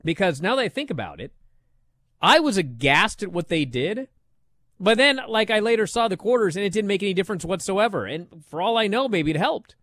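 An argumentative male radio host rants about a show, his pitch leaping high and swinging wide. The studio sound is dry and close, with no room around him. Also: a little fast, no room sound. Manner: excitable, argumentative, mimics people in quotes. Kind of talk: animated sports talk radio banter.

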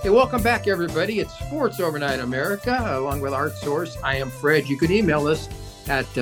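A man hosts overnight sports radio in a slightly raised voice. He talks in an upbeat, emphatic way as he welcomes callers and guests. Soft music sits faintly under him. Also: a little high, lively intonation, a little fast. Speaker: radio sports show host.

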